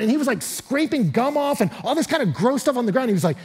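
Husky, high-voiced preaching man. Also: fast, few pauses. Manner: animated, storytelling preacher who often laughs. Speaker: pastor. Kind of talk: sermon.

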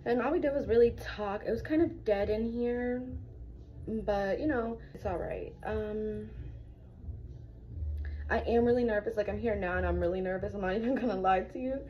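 The audio is dull with slight background noise as a young female vlogger, mid-range in pitch and moderate in pace, chats to camera. She speaks directly to viewers from home and a club dressing room, occasionally whispering.

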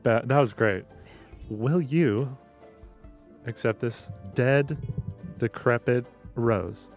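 A man's voice: medium pitch, slow, lo-fi sound, soft background music. A man co-hosting a comedy podcast, speaking sheepishly and hesitantly and often laughing. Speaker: podcast co-host.

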